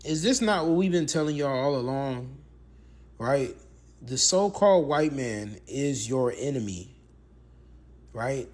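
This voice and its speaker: Animated man preaching emphatically. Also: fairly high pitch. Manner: emphatic, repetitive, full of rhetorical questions. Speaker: religious commentator. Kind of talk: preaching commentary with scripture reading.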